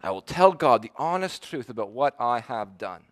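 A man preaching a sermon, earnest and emphatic, slowing down to stress the verses he quotes. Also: medium pitch, big pitch swings, fairly bright tone.

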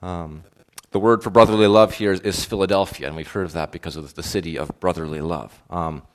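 Earnest low-voiced male pastor preaching. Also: steady tone, fairly quick. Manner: earnest, questioning, frequent fillers and restarts. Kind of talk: sermon.

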